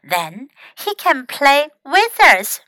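A woman's voice: high voice, sing-song, extremely slow, bright, forceful tone, no echo, heavily acted. A woman doing a brave little animal friend. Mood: eager.

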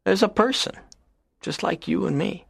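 An actor playing a nervous, curious teenage schoolboy in an audiobook drama, speaking hesitantly with stammers. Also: male voice, high-pitched, moderate pace, gravelly, a bit bright, slightly rough, no echo, studio quality, heavily acted. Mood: thoughtful.

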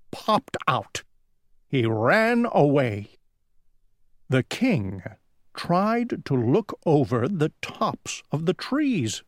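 A narrator reading a children's picture-book story slowly and deliberately. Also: medium pitch, dry recording.

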